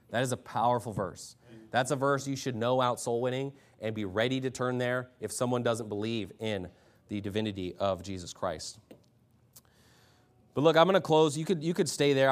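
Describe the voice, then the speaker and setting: Male pastor, forceful sermon, loud scripture reading, frequent throat clearing, mid-pitched voice.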